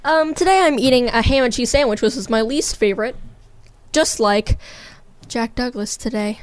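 A giggly teenage girl co-hosting a podcast, rambling and poking fun at herself. Her voice sits fairly high and sounds dry and close. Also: normal speed, no echo. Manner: giggly, rambling, self-mocking. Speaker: podcast co-host. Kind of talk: casual podcast chat.

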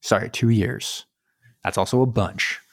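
A man with a fairly low voice recaps a film in a loose, rambling way, joking and acting out lines as he goes. The sound is dry and close, with no room around it. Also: steady tone, unhurried, vocal fry, dry recording. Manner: rambling, jokey, acts out characters' lines. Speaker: podcast co-host. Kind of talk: casual movie recap chat.

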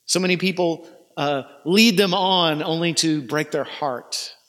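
A man's voice: a little high, unhurried, a bit bright. A male pastor preaching a sermon in an earnest, urging way, with conversational asides. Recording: long hall reverb.

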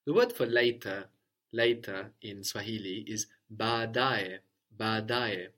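A man's voice: on the low side, slow pace, a bit bright. A man teaching a language lesson, patiently prompting his student and repeating her answers.

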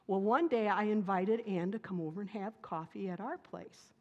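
A middle-aged woman pastor preaches in a long-reverb church sanctuary, her voice sitting at a middle pitch. She tells personal stories with lively, animated humor. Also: moderate pace, dull audio. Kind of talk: sermon with personal storytelling.

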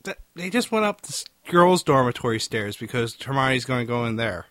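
Playful guy, bright voice, swoops all over, dry close mic. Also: medium pitch, fairly quick, no room sound. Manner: playful, jokey, lively. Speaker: commentary guest. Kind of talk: casual film commentary chat.

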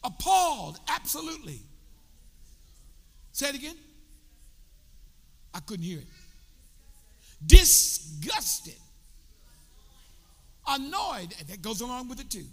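A bishop preaching a sermon, drawing call-and-response from his congregation and building from quiet explanation up to shouts. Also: very high-pitched, big pitch swings, moderate pace, long pauses. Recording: long reverb of a large hall.

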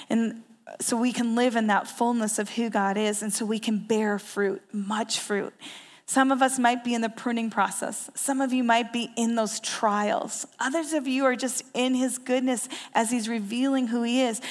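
A woman preaching a sermon, telling a story in earnest and repeating key phrases for emphasis. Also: a little high. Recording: long hall reverb.

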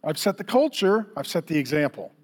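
High-voiced man preaching a candid sermon. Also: very animated, a little fast, darkish tone, long reverb tail. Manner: conversational, self-deprecating, acts out quoted dialogue. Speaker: pastor.

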